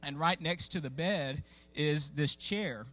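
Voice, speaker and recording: Slow and a little high, with a fairly bright tone, a man preaches a sermon in a church sanctuary. This pastor tells his story in a folksy, chatty way marked by frequent fillers and restarts.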